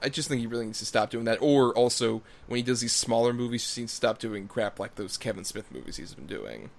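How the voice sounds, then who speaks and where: A man's voice: medium pitch, animated, fast, vocal fry. A man co-hosting a casual film review podcast, blunt and profane, laughing often as he talks. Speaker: podcast co-host.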